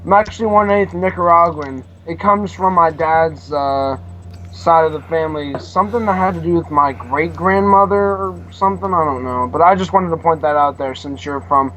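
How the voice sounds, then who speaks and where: A man with a fairly high voice rambles hesitantly as a podcast guest, filling gaps with ums and uhs. Faint background noise sits under his voice. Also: moderate pace, a bit bright, poor audio. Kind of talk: casual chat.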